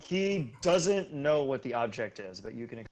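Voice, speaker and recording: A man's voice: medium pitch, big pitch swings, unhurried, a little mellow. A man running a tabletop game as game master, casual and joking, laughing often.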